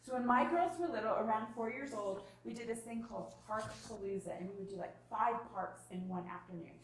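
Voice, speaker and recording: A woman presenting a parenting workshop to a live group, her voice fairly high and lively as she acts out little exchanges. The recording is very echoey and picked up from a distance. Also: a little fast. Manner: animated, acts out parent and child lines. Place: room with live audience. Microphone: distant room mic. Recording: echoey room from far off.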